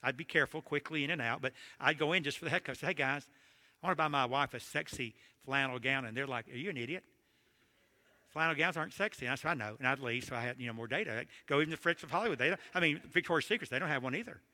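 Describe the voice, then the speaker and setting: A middle-aged man preaching a humorous sermon, telling stories with jokes and animated asides in a church or conference hall. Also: medium pitch, very fast. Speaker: marriage conference speaker. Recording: long hall reverb.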